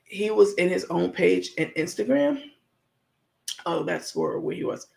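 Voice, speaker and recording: A woman's voice: fairly low pitch, animated, a little slow, gravelly, darkish tone. A woman hosting a casual livestream from home, reading viewer comments aloud and answering them in a frank, chatty way, talking straight to her viewers. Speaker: livestream host.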